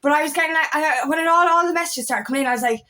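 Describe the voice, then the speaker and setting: Emphatic woman, fairly high voice. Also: racing, sharp tone. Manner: emphatic, swears often, raises voice. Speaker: empowerment coach. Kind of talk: candid personal monologue.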